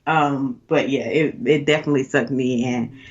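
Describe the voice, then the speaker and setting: A young woman co-hosting a podcast, chatty and animated, with lots of fillers. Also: a bass voice, normal speed, dull audio. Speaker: podcast co-host. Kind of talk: casual chat.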